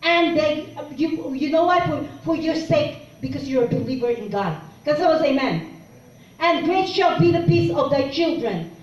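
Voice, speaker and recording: High-voiced woman preaching in echoey hall. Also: normal speed. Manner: call-and-response, repeats herself, animated storytelling. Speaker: minister. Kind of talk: sermon with testimony. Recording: distant echoey church hall, dull sound.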